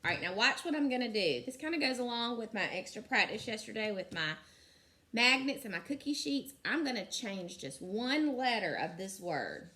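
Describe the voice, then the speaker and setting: A woman teacher giving a phonics lesson to young children, sounding out letters slowly and clearly and praising often. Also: on the high side, lively intonation, bright, forceful tone. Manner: encouraging.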